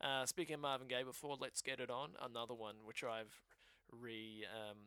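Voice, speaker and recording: A bright, forceful-sounding man co-hosts a relaxed chat, wandering through anecdotes with plenty of ums and restarts. His voice is close and dry, with no room sound around it. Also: mid-range voice, normal speed, clean tone, no echo. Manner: rambling storyteller with many fillers. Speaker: podcast co-host. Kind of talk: casual chat.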